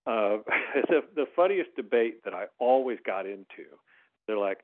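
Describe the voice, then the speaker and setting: An American man telling stories in a casual conversation as a podcast guest, his voice jumping up high when he makes a point. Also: a little fast. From United States. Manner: animated storyteller, voice rising high on emphasis. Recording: tinny phone-line sound.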